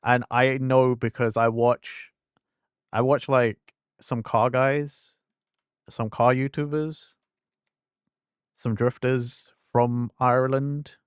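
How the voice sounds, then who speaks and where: Rambling young man, softened English accent. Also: medium pitch, little pitch movement, slow pace, pauses often, smooth, dry recording, clean studio sound. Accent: fading English, London-leaning. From England. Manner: rambling, filler-heavy, self-interrupting. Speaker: streamer. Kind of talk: casual gaming stream chat.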